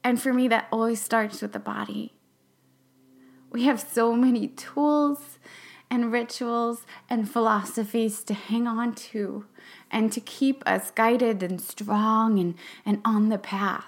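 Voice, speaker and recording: A young adult woman talks slowly through a reflective podcast monologue in a fairly high voice. She speaks earnestly and haltingly, with emotion close to the surface, and now and then sinks into a whisper to stress a point. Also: steady tone, creaky. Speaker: podcast host and class facilitator.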